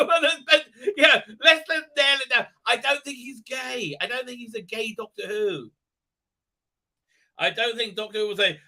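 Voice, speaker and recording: A man's voice: very high voice, animated, moderate pace, sharp tone. A middle-aged man hosting a live stream, rambling casually with lots of fillers and blunt jokes. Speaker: host.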